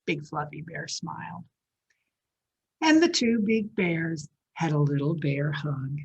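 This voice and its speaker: A woman's voice: deep voice, slow, vocal fry, husky, lo-fi sound. A woman librarian reading a picture book aloud at a children's story time, asking the kids questions as she goes. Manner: animated, asks the children questions.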